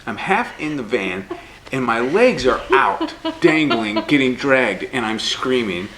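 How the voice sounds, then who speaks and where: A young man, a YouTube creator on a couch at home, chatting casually with his wife and telling an animated story. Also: medium pitch, a little slow. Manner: rambling storyteller, animated when retelling. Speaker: YouTuber, co-host. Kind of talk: casual couple Q&A chat. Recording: echoey room, faint background hiss.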